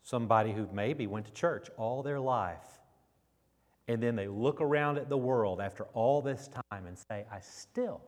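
A man preaching a sermon in an earnest, unhurried way. His voice sinks low and soft when he reads scripture. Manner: slow, earnest, drops low and quiet when reading scripture. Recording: long reverb of a large hall.

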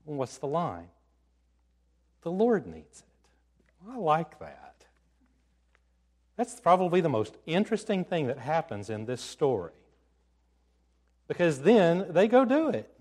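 A male pastor giving a sermon in an animated storytelling manner, acting out the lines he quotes. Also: on the high side, measured pace, long pauses.

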